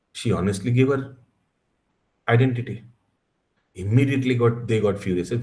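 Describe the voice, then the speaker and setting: A man's voice: medium pitch, fairly quick, darkish tone. A man telling a devotional story in a class, acting out the quoted dialogue with animation. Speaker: class speaker.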